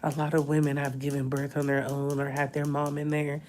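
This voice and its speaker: A woman's voice: low voice, completely flat delivery, fairly quick, darkish tone, faint music behind. A woman, crying as she talks openly in a personal vlog from a hospital room. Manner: tearful, talks through crying. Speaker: vlogger.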